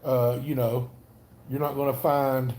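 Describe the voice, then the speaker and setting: A man's voice: mid-range voice, level tone, measured pace, darkish tone, a little hiss or hum. A man with a Southern Alabama accent, rambling casually and greeting viewers by name on a livestream. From North Alabama. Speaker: livestream host.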